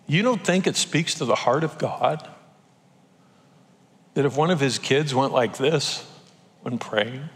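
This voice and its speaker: A man's voice: mid-range voice, unhurried, pauses often. An older man, a pastor, preaching a conversational sermon and acting out little quotes, sometimes emotional. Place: church auditorium. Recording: long hall reverb.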